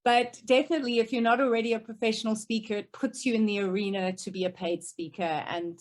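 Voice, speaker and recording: Energetic woman speaker on a video call. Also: on the high side, quick pace. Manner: energetic, emphatic, lists points crisply. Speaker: guest speaker, professional speaker. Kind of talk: remote Q&A answers. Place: home office, remote.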